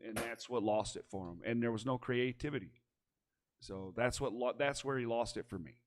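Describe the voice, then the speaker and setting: A man with a Midwestern American accent judging wrestling promos, encouraging and rambling, sometimes getting loud. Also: medium pitch. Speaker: promo competition judge. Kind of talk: candid spoken critique.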